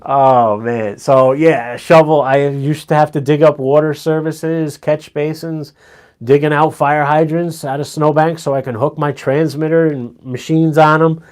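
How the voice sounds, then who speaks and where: A man's voice: fairly high pitch, unhurried. Middle-aged man telling stories casually. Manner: animated storytelling, swears freely, chuckles. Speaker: live streamer. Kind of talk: casual live-stream chat.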